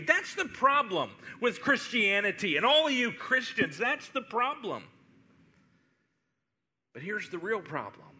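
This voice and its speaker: Impassioned high-voiced male pastor. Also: bright, forceful tone. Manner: impassioned, pleading preaching with repetition. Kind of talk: sermon.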